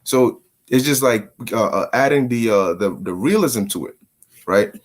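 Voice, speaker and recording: A man's voice: mid-range voice, unhurried. Slangy, stammering man explaining scripture. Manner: slangy, stammering repetitions, animated. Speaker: bible study teacher. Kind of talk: casual scripture commentary.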